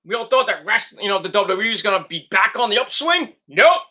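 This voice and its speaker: Bright, high-voiced man ranting. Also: quick pace. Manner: profane, heated ranting. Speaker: wrestling review host. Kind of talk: ranting show review.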